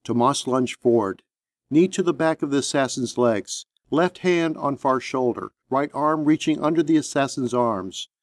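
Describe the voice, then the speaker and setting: A man narrating an action story in a steady, measured audiobook reading. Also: mid-range voice, dry recording, clean studio sound.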